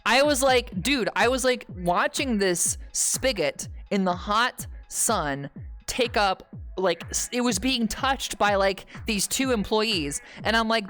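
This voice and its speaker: A woman's voice: on the high side, unhurried. Rambling storyteller woman with faint music. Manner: rambling, animated storytelling with frequent "okay?" asides; bursts into loud shouting at punchlines. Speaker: streamer. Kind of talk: storytelling stream chat.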